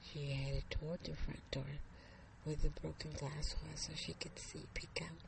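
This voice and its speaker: A woman narrating a story in a hushed, suspenseful way. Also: deep voice, flat delivery, moderate pace, gravelly, noisy background.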